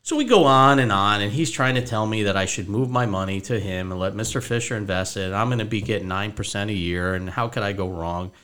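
A man's voice: lowish voice, fairly quick, few pauses, fairly bright tone, clear, resonant tone. A man hosting a podcast as a financial advisor, telling a story casually and acting out both sides of a phone call.

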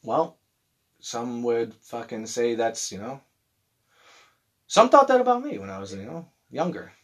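A man in casual chat who tells profane, animated stories and mimics other people in mocking voices. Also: mid-range voice, a little slow.

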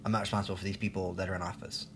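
A man's voice: deep voice, little pitch movement, very fast, background noise. A man in his thirties ranting in a rambling, profane, sarcastic monologue, laughing at himself now and then. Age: 30s. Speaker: vlogger.

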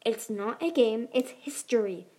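A woman's voice: fairly high pitch, expressive, a little slow, warm tone. A woman voicing a bossy, impatient young female dragon in a storybook reading. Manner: commanding, impatient.

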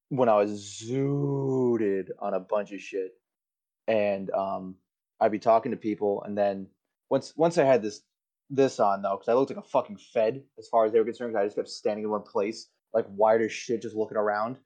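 A man co-hosting a podcast in casual, profane chat, joking crudely and deadpan. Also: fairly low pitch, moderate pace. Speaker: podcast co-host.

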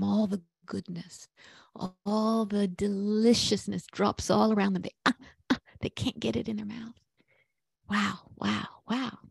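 Female prayer host, soft meditative delivery with frequent half-whispers, gravelly fry, dry close sound. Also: medium pitch, no room sound. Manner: conversational with fillers, storytelling. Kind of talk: spiritual teaching and guided prayer.

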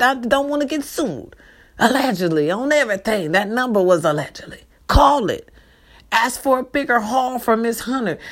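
Pleading woman with a drawl. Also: a little high. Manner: emotional, pleading, repetitive, swinging from hushed to loud. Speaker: granddaughter making a public appeal. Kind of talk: pleading direct-to-camera appeal.

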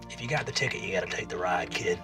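A man voicing a laid-back older male mentor with a low, rambling, folksy drawl. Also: racing, over music, lightly acted. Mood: wistful.

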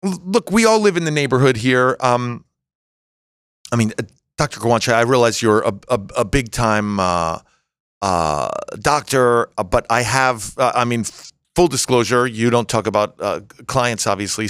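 A man's voice: mid-range voice, moderate pace, a bit bright, clear, resonant tone, dry recording. Middle-aged man, podcast guest, loose self-deprecating joker, lots of ums, dry close recording. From United States. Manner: rambling, self-mocking, jokey storytelling with many fillers. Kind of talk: casual podcast chat.

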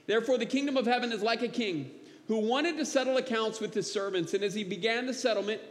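A man preaching a sermon, emphatic and repetitive, reading scripture aloud to his congregation. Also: sits high. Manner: emphatic, repeats himself, reads scripture aloud. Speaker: pastor. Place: church. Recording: long reverb of a church hall.

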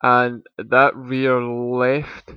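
A man's voice: mid-range voice, monotone, very slow, clear, resonant tone, no room sound, dull audio. A man co-hosting a casual podcast, talking through race analysis with dry, teasing humor. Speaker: podcast co-host. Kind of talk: casual chat.

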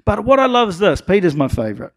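A man's voice: high-pitched, fast. A man preaching a sermon and telling stories with acted-out quotes. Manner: animated storytelling with acted-out quotes. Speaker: pastor.

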